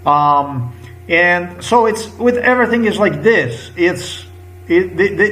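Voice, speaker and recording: A Slovenian man in his 50s, a vlogger whose first language is Slovenian, speaks English in an emotional, insistent personal monologue. His high, animated voice has a fairly bright tone, and he halts often with fillers and restarts. The low-quality recording carries slight background noise.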